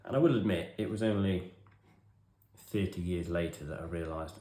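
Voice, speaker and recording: A man's voice: low-pitched, fast, darkish tone, roomy sound. An English man in his forties telling a rambling, self-deprecating story while tidying his hobby room. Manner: self-deprecating, wry, chatty. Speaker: hobby vlogger.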